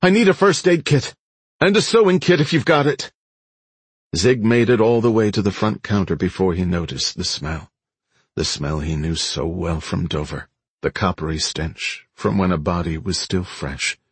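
A male audiobook narrator with a very deep, husky voice reads a thriller in a measured, suspenseful tone. The recording is dry and close, with no room sound. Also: no echo. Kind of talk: scripted narration.

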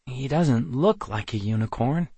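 A man's voice: medium pitch, animated, unhurried, warm tone, husky, dry recording. A man reading an audiobook, voicing a confused young teenage boy who has lost his memory and keeps asking questions. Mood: bewildered. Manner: bewildered questioning. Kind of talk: audiobook character voice.

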